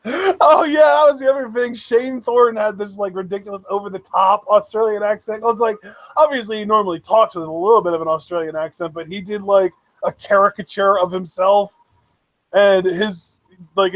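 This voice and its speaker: A man co-hosting a live wrestling reaction chat, excitable, rambling and laughing often. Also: high-pitched, brisk, no room sound, low-quality recording. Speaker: co-host of a wrestling reaction show.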